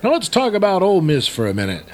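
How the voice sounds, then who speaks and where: A man hosting comedy sports radio, reading news items in a brisk delivery. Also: high-pitched, wildly swooping pitch.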